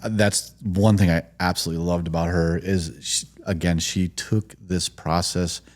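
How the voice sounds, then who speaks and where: A man's voice: low-pitched, steady tone, moderate pace. A man with a Midwestern American accent, a tattoo studio owner talking earnestly and reflectively as a guest on a podcast. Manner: earnest, reflective, trailing restarts. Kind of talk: casual podcast conversation.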